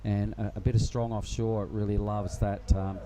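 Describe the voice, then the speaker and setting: A man commentating live surfing in a relaxed, rambling way. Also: lowish voice, moderate pace, very noisy. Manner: relaxed, rambling, many fillers. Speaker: surf commentator.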